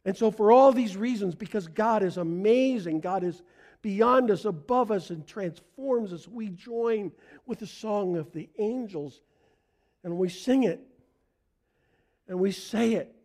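A middle-aged male pastor preaching a sermon in a church, earnest, going soft in prayer and rising on emphasis. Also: sits high, measured pace. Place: church sanctuary.

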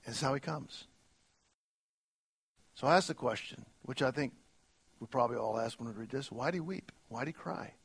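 A male pastor preaching a sermon earnestly, moving between soft, slow lines and emphatic ones. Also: mid-range voice, breathy edge.

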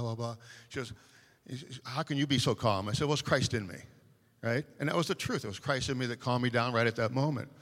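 A man's voice: medium pitch, a bit bright. A man speaking as a personal evangelist, telling a story in casual talk with many fillers and restarts. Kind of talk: casual testimony in a panel discussion. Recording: long hall reverb.

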